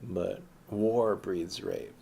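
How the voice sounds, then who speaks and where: Deep gravelly ranting man. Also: extremely slow, mellow. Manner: ranting, hesitant restarts. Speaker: political commentator. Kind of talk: impassioned monologue.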